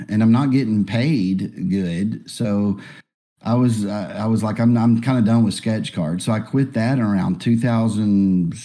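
Mellow man, relaxed and rambling. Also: lowish voice. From Alabama. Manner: relaxed, rambling, many fillers. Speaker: guest artist. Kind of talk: casual live Q&A.

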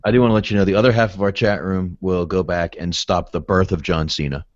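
A man's voice: low voice, fairly even intonation, quick pace, slight background noise. A man hosting a podcast, chatting casually and jokingly, swearing freely and slipping into silly voices. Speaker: podcast host. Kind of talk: casual chat. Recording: dry dull lo-fi audio.

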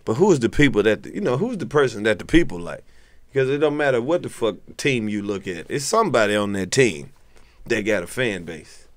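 A young adult man, a comedian co-hosting a podcast, talking in casual banter with profane, preachy rants that jump into high yelps. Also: big pitch swings, a little fast, dry recording.

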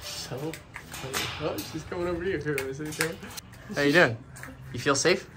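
A man's voice: fairly high pitch, fast talker, loud music behind the voice, rough recording. A man chatting casually in a vlog, talking playfully to his pet birds in an outdoor enclosure. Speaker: bird owner and channel host.

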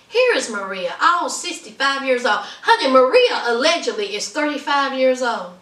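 Sassy animated woman recapping TV. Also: high voice, moderate pace, hardly any pauses, reverberant, far from the mic. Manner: sassy, animated, mocking asides. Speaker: TV recap vlogger. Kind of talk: casual comedic recap.

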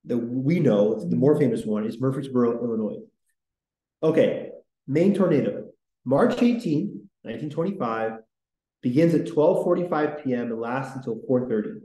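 A man's voice: mid-range voice, expressive, moderate pace, mellow, roomy sound, low-quality recording. A man hosting a casual history podcast, talking in a rambling, enthusiastic way with lots of fillers. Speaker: podcast host.

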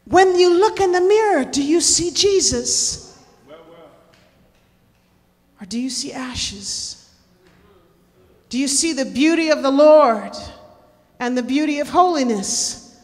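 A woman preaching a sermon to a church, impassioned, rising to shouted and sung cries. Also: high-pitched, expressive, measured pace. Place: church sanctuary. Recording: long hall reverb.

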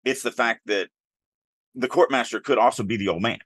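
A man co-hosting a podcast, discussing a writing submission in a casual, animated way, often acting out quoted lines. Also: mid-range voice, a little fast, dry recording. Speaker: podcast co-host.

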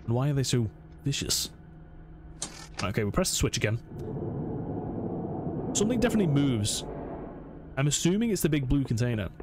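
A man's voice: mid-range voice, big pitch swings, moderate pace, long pauses, background noise. A man commentating a horror let's play, nervously narrating his every move to himself. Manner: jumpy, self-narrating, talking himself through scares. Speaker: gaming channel host.

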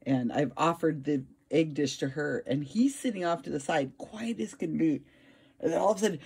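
A woman's voice: low-pitched, moderate pace, darkish tone, slightly rough. A woman chatting casually at home while filming her cats, laughing often and talking to them.

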